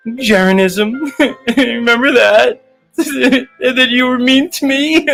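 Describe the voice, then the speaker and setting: A man's voice: high voice, creaky, fairly bright tone, full character voice. A man putting on the voice of a clingy, lovesick male superfan who pleads and giggles with dramatic devotion.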